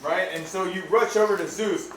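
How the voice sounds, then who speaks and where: A man narrating a tabletop game as game master, storytelling with lots of fillers and sudden shouts. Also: high-pitched, normal speed. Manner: animated storytelling with many fillers, bursts into shouts. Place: home room. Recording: echoey room, far from mic, noisy.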